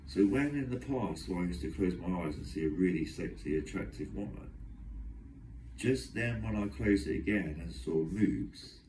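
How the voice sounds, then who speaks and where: Deep-voiced Englishman, aggrieved and rambling. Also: a little mellow, distant mic, slight background noise. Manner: aggrieved, agitated, run-on storytelling. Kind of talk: rambling monologue to camera. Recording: echoey room, voice away from mic.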